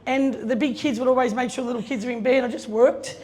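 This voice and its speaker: Brisk, chatty woman in her middle years telling anecdotes aloud, recorded in a reverberant hall. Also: on the high side, fairly even intonation, darkish tone. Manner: chatty, laughing, acts out quoted voices. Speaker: guest speaker telling a story at an opening. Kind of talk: casual anecdotal speech. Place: event space. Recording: long reverb, faint room noise.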